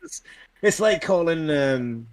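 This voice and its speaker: A man's voice: on the high side, animated, slow. Blunt Geordie man, swearing. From North East England. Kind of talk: casual political chat.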